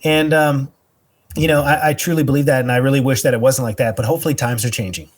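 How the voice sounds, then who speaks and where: A husky-voiced man co-hosts a casual chef podcast. He tells kitchen stories in a loose, rambling way with quick asides. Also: medium pitch.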